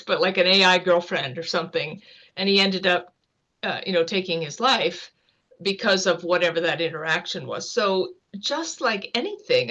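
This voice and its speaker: Interview guest: American woman, low-pitched, rambling and quick, on a video call. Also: a bit bright. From United States. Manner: fast, rambling, earnest. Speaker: guest author and scientist. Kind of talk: casual interview talk.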